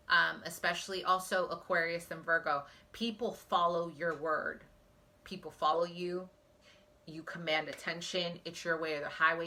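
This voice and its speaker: Woman psychic reading for viewers, low pitch with a forceful, tense edge, earnest and direct. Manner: earnest, emotional, speaks straight to viewers. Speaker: psychic tarot reader.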